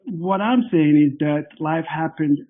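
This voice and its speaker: Man, hoarse and husky, voice almost gone, playful, halting, slightly high, tinny phone line. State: losing his voice, husky from flu. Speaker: fitness program creator, guest.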